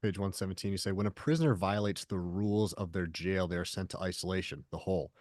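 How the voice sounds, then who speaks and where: A man's voice: low voice, quick pace, a little mellow, no room sound, studio quality. A man hosting a podcast interview, asking questions and reading passages from a book aloud. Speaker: podcast host.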